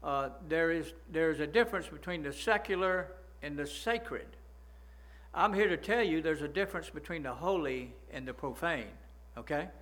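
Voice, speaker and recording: A man preaching a sermon, folksy, slowing down to stress his points and asking the congregation for agreement. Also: fairly high pitch, expressive, fairly bright tone. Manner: slows down to stress key phrases. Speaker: pastor.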